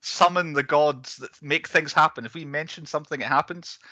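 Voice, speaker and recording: A man hosts a casual podcast in a bright, forward voice. He rambles through plugs and side stories and laughs easily. The sound is close and dry. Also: fairly high pitch, fairly even intonation, fairly quick, dry recording. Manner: rambling, chatty, laughs often. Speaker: podcast host.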